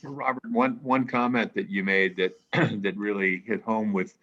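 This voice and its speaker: An older man with a very low, bright-edged voice speaks haltingly, stumbling over repeated words and clearing his throat. His audio sounds dull and lo-fi, as if from a remote call. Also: steady tone. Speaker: panelist. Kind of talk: panel discussion comment.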